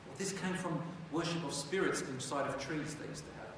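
A man's voice: a little high, fairly quick, fairly bright tone. Male religious storyteller in an echoey hall. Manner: conversational, asks the audience rhetorical questions. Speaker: religious teacher. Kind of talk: storytelling lecture. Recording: echoey hall from far off, faint noise.

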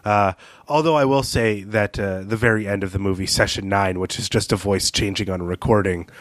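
A male podcast host with a low voice who discusses writing thoughtfully and often pauses to search for words. His tone is casual. The recording is dry and close. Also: steady tone, dry recording. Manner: thoughtful, hesitant, with fillers and laughs.

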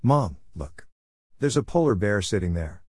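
A man's voice: lowish voice, big pitch swings, measured pace, darkish tone, breathy edge, no echo, clean studio sound, exaggerated voice. A man doing an insistent little girl. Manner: persistent, pleading.

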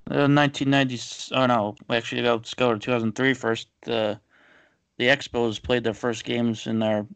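A man's voice: mid-range voice, steady tone, normal speed, a bit bright, clear, resonant tone, dry recording, low-quality recording. A man co-hosting a podcast, casually sharing baseball trivia with lots of fillers and an easygoing manner. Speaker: podcast co-host. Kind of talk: casual chat.

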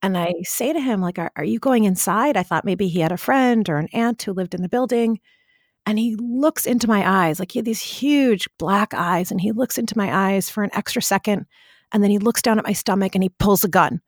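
Animated woman telling her story, dry sound. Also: mid-range voice, brisk, dry recording. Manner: animated, vivid storyteller with frequent "like" fillers. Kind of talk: conversational storytelling interview.

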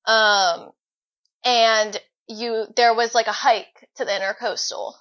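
A young woman co-hosting a podcast, telling a story in an animated, dramatic way. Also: fairly high pitch, slow pace. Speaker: podcast co-host. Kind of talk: casual chat. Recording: dull lo-fi recording.

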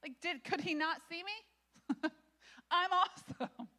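A woman's voice: very high voice, takes it slowly, bright, forceful tone, voice pushed up, full character voice. A woman voicing an exasperated, boastful male angel during a sermon, mock-offended and incredulous.

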